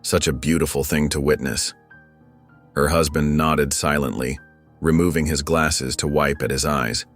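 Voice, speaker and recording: Very deep-voiced male story narrator.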